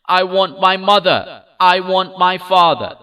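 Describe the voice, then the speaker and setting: A man's voice: measured pace, sharp tone, recorded from a distance. A man doing a lost little boy wailing. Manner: wailing, shrill and tearful. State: crying. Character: small lost boy, sobbing for his parents.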